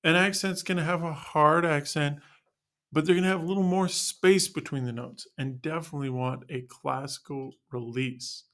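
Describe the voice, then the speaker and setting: A man's voice: fairly high pitch, steady tone, normal speed, a bit bright. A man teaching band students how to end notes, narrating a scripted lesson in an upbeat, explanatory way.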